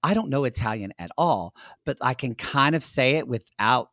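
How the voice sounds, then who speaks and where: A man chatting as a podcast guest, telling stories and jumping into shrill mock voices. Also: normal speed, no room sound, studio quality. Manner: animated storyteller who breaks into high, shrill mock voices. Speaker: podcast guest, reality TV commentator. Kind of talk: casual podcast chat.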